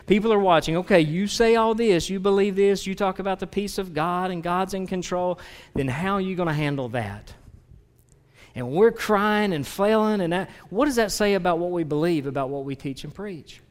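Earnest pastor guy preaching, slightly high voice, goes quiet then loud, big echoey church hall. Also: normal speed. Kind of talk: sermon. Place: church sanctuary. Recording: long reverb of a church hall.

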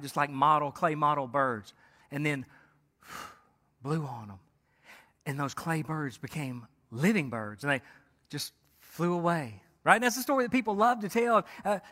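A man's voice: high-pitched, a bit bright, in a large hall. A pastor preaching a conversational sermon, often restarting his words and checking in with "right?".

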